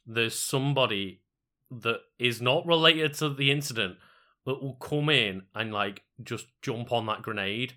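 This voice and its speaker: A man's voice: mid-range voice, unhurried, bright, forceful tone. A man co-hosting a stream in casual chat, rambling with many fillers and some swearing.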